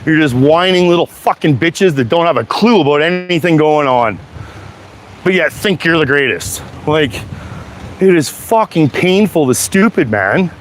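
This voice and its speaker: A man's voice: a little high, lively intonation, moderate pace, a little hiss or hum. A man rants angrily and swears constantly while he walks down a sidewalk outdoors. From Canada. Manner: heated, profane, repetitive swearing. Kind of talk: angry rant to camera.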